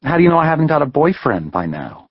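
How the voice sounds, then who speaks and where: A man's voice: on the high side, big pitch swings, fast, no room sound, muffled recording, pitched above the performer's own voice. A man reading an audiobook voices a sleepy, teasing young woman in a raised, lighter voice.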